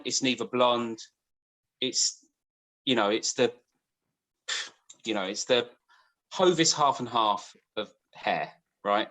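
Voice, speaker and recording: Podcast co-host guy, rambly stories, average pitch, chatty. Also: bright, forceful tone, low-quality recording. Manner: rambling anecdotal storyteller. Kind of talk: casual chat.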